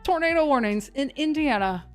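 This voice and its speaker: A woman's voice: sits high, expressive, a little fast, soft background music. A woman hosting a live severe weather stream in a chatty, scattered, self-mocking way. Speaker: severe weather livestream host. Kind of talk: casual live commentary.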